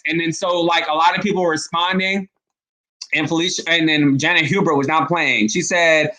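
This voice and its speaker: A man's voice: on the high side, fairly even intonation, normal speed, pushed and bright. A man giving casual, emphatic commentary on a vlog, speaking in slang and addressing viewers directly. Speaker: online commentator.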